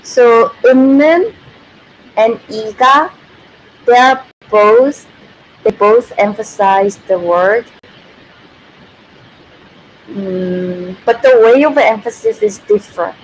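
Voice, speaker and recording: A woman's voice: fairly high pitch, slow, pauses often, slight background noise, low-quality recording. A woman, a native Korean speaker, giving a casual livestream language lesson who thinks aloud, corrects herself and laughs often.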